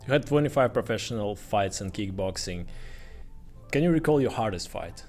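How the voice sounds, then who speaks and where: A man's voice: fairly low pitch, animated, moderate pace, darkish tone, faint music behind. A man hosting a podcast, asking brief, direct interview questions.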